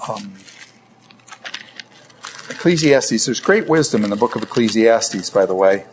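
A man's voice: fairly low pitch, lively intonation, unhurried, a little hiss or hum. A middle-aged man teaching a lecture on scripture, who poses questions and then answers them himself. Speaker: Bible teacher.

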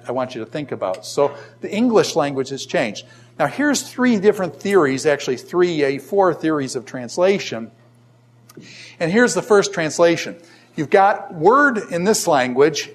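An older man giving a classroom lecture in a conversational way, asking the class many questions as he teaches. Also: fairly high pitch.

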